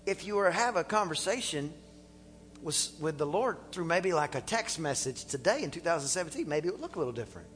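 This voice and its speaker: Male pastor, bright forceful voice, playful animated sermon, church hall reverb, faint music behind. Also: a little high, fairly quick. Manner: animated, playful, acts out dialogue. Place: church sanctuary.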